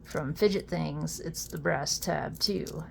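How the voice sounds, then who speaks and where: A young adult woman chatting casually while unboxing a fidget toy, easily amused and quick to exclaim. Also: low voice, creaky, slight background noise.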